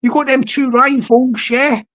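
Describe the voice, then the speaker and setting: A woman talks slowly and chattily, circling back and repeating phrases as she speaks to her live audience. Her voice sits a little higher than usual, and her delivery is loose and unhurried. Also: steady tone, fairly bright tone. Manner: rambling, repetitive, chatty. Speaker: live streamer. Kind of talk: casual livestream chat.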